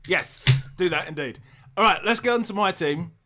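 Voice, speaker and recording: A man hosting a casual football watchalong, easygoing and quick to laugh as he asks questions. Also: sits high, a bit bright, soft background music. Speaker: podcast host.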